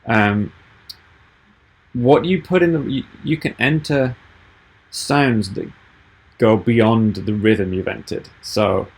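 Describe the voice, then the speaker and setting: A man giving a software tutorial over a video call, explaining each step patiently. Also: lowish voice, slow pace, gravelly, pauses often, breathy edge. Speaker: app developer giving a tutorial.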